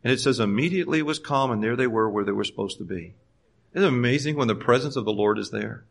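Speaking fast in a creaky, medium-pitched voice, a preacher delivers a lively sermon. Loud stretches give way to hushed ones, and he performs each quoted voice himself.

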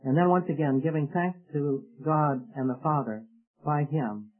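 A man's voice: fairly high pitch, moderate pace, phone-quality sound. A man preaching an earnest, explanatory sermon, recorded on an old tape. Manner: earnest, explanatory, with rhetorical questions.

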